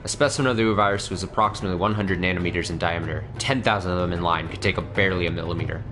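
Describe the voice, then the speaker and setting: A man's voice: sits low, rapid-fire, fairly bright tone, soft background music. A man hosting a let's play, rambling casually and reading the game's story text aloud. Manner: rambling, self-deprecating, swears casually.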